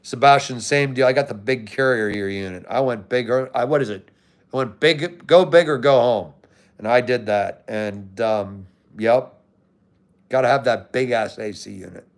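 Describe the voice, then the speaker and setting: A man's voice: mid-range voice, moderate pace. An American man hosting a livestream, chatting casually with viewers in a laid-back way and swearing now and then. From United States. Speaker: livestream host. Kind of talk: casual live chat answering viewers.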